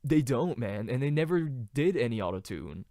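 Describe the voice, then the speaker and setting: A young man hosting a casual solo podcast, rambling with many fillers and now and then trying out falsetto singing. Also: sing-song, moderate pace, dark tone, dry recording, clean studio sound. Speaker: podcast host.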